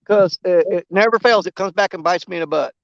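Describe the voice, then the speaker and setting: On a riverbank fishing livestream, a man with a high-sitting voice and some vocal fry chats briskly and casually with his audience. His easygoing, rambling talk includes greeting viewers by name, and the lo-fi recording is free of echo.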